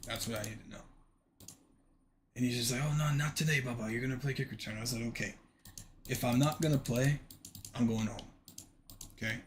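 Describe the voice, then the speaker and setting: A man's voice: mid-range voice, slight background noise. A man streaming a game, telling a story casually and animatedly, swearing freely and acting out the dialogue.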